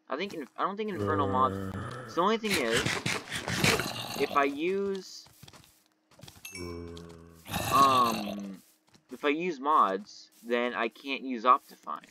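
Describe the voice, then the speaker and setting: A man giving casual gameplay commentary, jumpy and exclaiming at danger, his voice cracking when he yells. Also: mid-range voice, heavy background noise. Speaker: gameplay video host.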